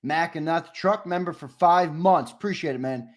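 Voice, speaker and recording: Easygoing man, co-host, high-pitched voice, casual sports chat. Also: moderate pace. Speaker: co-host reading viewer messages.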